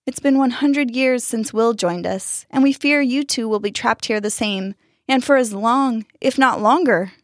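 Gentle old fisherwoman spirit as a woman narrator puts her on, soft and soothing, storybook. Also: on the high side, measured pace, no echo, studio quality, pitched above the performer's own voice, lightly acted. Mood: tender.

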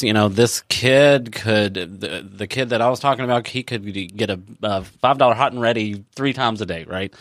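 A man's voice: deep voice, a bit bright, dry recording, clean studio sound. A man co-hosting a casual chat, thinking aloud in a reflective, rambling way and often correcting himself.

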